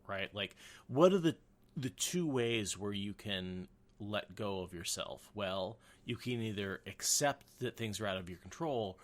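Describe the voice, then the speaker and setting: A man hosting a podcast, chatting casually about a book. His voice sits low for a man. He drops dry, wry asides into the talk. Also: a bit bright. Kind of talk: casual chat.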